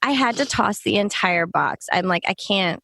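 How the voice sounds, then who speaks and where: A woman co-hosting a podcast, telling animated stories with lots of laughter. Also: mid-range voice, moderate pace, gravelly, no echo. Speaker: podcast co-host, lactation consultant. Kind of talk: casual podcast chat.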